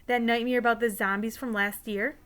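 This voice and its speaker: A woman voicing a whiny young boy in second grade, talking slowly and bluntly in a read-aloud story. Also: a little high, steady tone, fairly bright tone, natural voice. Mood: whining. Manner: slow, whining delivery.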